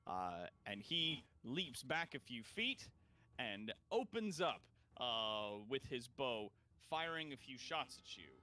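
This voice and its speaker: Lively, laid-back male game master. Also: medium pitch, slow pace, slight background noise. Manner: laughing, filler-heavy, playful. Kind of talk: casual tabletop game narration.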